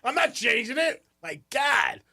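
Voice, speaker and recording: A man's voice: very high-pitched, sing-song, unhurried, vocal fry, sharp tone, shouting, a little hiss or hum. A man co-hosting a radio show, blunt and grumbling with wisecracks. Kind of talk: casual radio banter.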